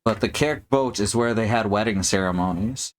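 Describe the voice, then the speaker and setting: A man's voice: fairly low pitch, moderate pace. A man hosting a live stream, chatting casually and joking as he thinks aloud while painting miniatures.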